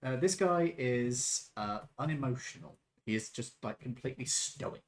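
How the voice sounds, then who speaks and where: A man's voice: medium pitch, animated, moderate pace. A man running a tabletop game as game master, narrating casually with hesitant fillers.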